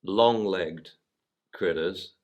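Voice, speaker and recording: A man who trains dogs, telling animated stories in a casual podcast chat. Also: low-pitched, very slow, muffled recording. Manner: animated, vivid storytelling. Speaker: dog trainer and podcast guest.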